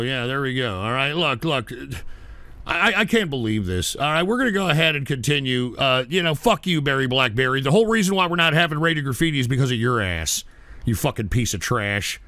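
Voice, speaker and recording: A man hosting a livestream show, ranting angrily at a viewer with constant insults and bursts of shouting. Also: a little high, dry recording. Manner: angry, insulting, frequently shouting. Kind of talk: profane ranting livestream talk.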